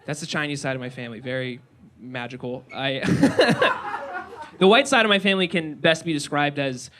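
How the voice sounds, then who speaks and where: A young man performing stand-up comedy at a small live venue, animated, incredulous and wry. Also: on the high side, normal speed. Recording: noisy live room recording.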